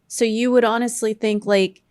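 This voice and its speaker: A woman's voice: a little high, level tone, normal speed, darkish tone, smooth. A woman co-hosting a podcast in casual chat, curious and chatty.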